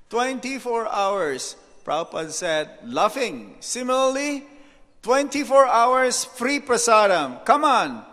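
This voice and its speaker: Slow high-voiced monk in echoey hall. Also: male voice, fairly bright tone. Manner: unhurried, with rhetorical "hmm?" asides; storytelling, reads out anecdotes. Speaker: monk giving a lecture. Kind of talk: devotional lecture. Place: temple hall.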